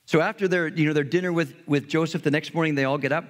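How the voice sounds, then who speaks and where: A pastor preaching a sermon in a conversational way, retelling a story and briefly acting out its characters. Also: male voice, a little high, steady tone, quick pace. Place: church hall. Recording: long hall reverb.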